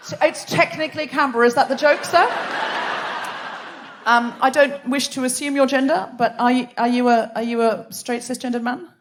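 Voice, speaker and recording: A woman's voice: high-pitched, fairly even intonation, normal speed. A woman raised in Australia hosting a live comedy podcast on a theatre stage, teasing the audience in playful banter. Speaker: host. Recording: noisy live theatre recording.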